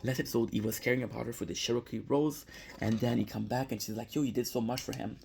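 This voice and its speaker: A young man giving a casual, emotional recap of a TV episode, excitable and swearing, stumbling over his words and near tears. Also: mid-range voice, fast, creaky, a little hiss or hum. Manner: excitable, swears, repeats himself. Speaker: TV recap vlogger.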